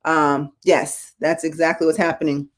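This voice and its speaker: A woman's voice: low-pitched, level tone, moderate pace. A woman in her forties, a veteran nurse hosting a live-streamed talk show, speaking casually and growing emotional as she tells hospital stories. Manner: casual, addresses viewers as y'all.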